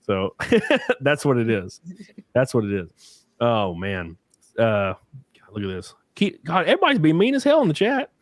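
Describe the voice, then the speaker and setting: A man hosting a podcast in casual chat, telling profane, animated stories with acted quotes. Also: mid-range voice, moderate pace, long pauses, dry recording. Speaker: podcast host.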